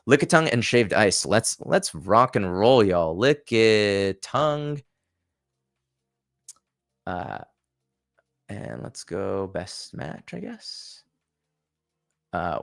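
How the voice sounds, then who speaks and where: A man's voice: sits low, gravelly, fairly bright tone. A man hosting a casual livestream, chatting and thinking aloud with frequent restarts. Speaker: channel host.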